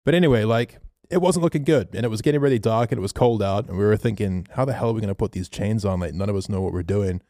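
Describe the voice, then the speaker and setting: Man, podcast co-host, low mellow voice, casual sweary storyteller. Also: quick pace, few pauses, dry recording, studio quality. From Australia. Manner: animated storyteller, swears freely, acts out quotes.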